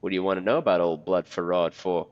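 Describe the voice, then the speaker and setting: A man's voice: deep voice, fast talker, close to an everyday voice. A man voicing a blunt, secretive male corpse collector in a game, on a dull lo-fi recording. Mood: shady.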